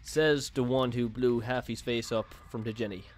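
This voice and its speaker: A man's voice: medium pitch, steady tone, normal speed, slight background noise. Panicky man narrating his own gameplay. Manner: panicky, swings between jittery muttering and sudden yelps. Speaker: gaming YouTuber. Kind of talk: live gameplay commentary.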